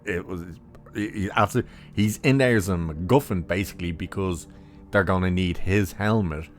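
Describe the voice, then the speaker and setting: A man's voice: low voice, fairly quick, soft background music. A man giving a casual, rambling spoken film review, blunt and full of restarts and asides.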